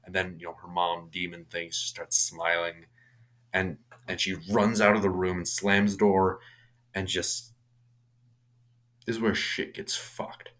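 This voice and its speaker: رجل بصوت عميق جدًا يسرد فيلم رعب. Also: male voice, deep voice, level tone, a little slow, fairly bright tone. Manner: rambling with many restarts and casual swearing. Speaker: movie reviewer. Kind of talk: casual movie recap.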